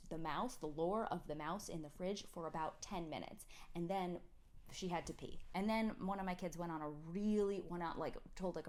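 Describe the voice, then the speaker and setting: A mother telling a comic anecdote in an animated, giggly, rambling way, full of restarts. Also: sits low. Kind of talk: comic storytelling.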